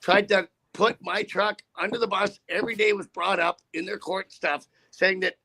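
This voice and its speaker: A man's voice: sits high, steady tone, normal speed, vocal fry, pushed and bright. A man, a trucker, ranting casually with rambling, profane indignation. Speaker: trucker guest. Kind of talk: casual rant.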